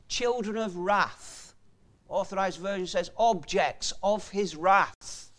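A man's voice: high voice, slow pace, fairly bright tone. A man preaching a sermon in an earnest, emphatic way, quoting scripture as he goes.

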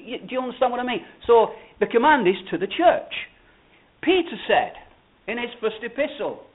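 A man preaches a sermon to his congregation, reading scripture and then explaining it. He is earnest and slows down to stress key phrases. His voice sits a little high for a man, and the recording is narrow and tinny, like a phone line. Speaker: pastor.

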